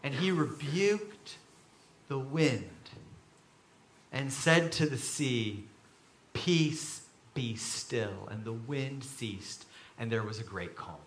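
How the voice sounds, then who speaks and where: A man preaching a sermon as pastor, telling stories with animated, sudden loud bursts. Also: mid-range voice, takes it slowly, pauses often, echoey room, a little hiss or hum. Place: church.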